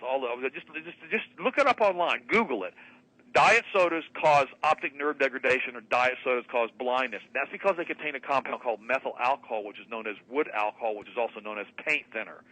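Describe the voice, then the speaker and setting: Fast, bright-voiced man telling a story. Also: medium pitch, low-quality recording. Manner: fast, emphatic, acts out both sides of a conversation. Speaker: radio show guest, health doctor. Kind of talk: animated storytelling on a talk radio show. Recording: radio broadcast.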